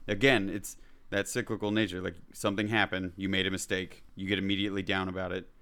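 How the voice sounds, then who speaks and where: A man in a casual podcast chat, telling animated stories, acting out quotes and swearing casually. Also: low voice, fast, smooth.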